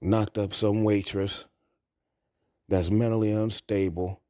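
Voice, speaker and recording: A man's voice: lowish voice, level tone, takes it slowly, dark tone, no echo, studio quality. A man talking to camera in a blunt, crude, rambling monologue. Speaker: vlogger. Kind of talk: casual monologue.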